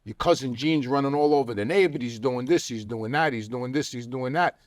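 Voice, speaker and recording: A man's voice: medium pitch, fairly quick, no echo, studio quality. Plainspoken middle-aged New man. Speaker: guest. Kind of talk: casual chat in a podcast interview.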